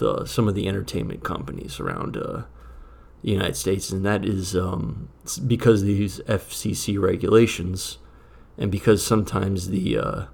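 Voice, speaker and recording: A man's voice: fairly low pitch, creaky. A man improvising a comic monologue as a jittery tavern keeper, rambling and often dropping to a nervous whisper. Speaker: storyteller playing a tavern keeper.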